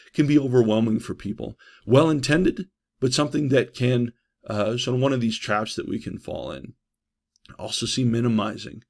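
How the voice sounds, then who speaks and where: A man giving a trauma-response training lecture in a conversational way, often checking in with "right?" and pausing on "uh". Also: medium pitch. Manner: conversational, frequent "right?" and "uh" fillers.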